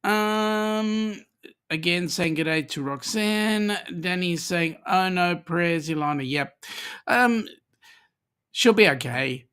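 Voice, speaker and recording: His voice sits on the high side, animated yet slow, sharp and clean. A middle-aged Australian hosting a casual live stream, he chats and jokes while reading his viewers' comments aloud.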